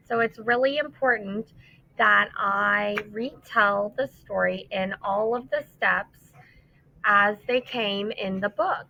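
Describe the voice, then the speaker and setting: A woman teacher who reads a story aloud to children and then explains it, in an expressive, emphatic way. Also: mid-range voice, slow pace, slight background noise. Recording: dull lo-fi dry recording.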